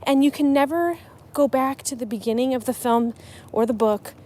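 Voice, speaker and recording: A woman's voice: sits high, moderate pace, dark tone. A woman hosting a podcast about writing, talking casually and emotionally, often restarting her sentences. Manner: chatty and emotional, with frequent restarts. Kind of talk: casual solo podcast talk.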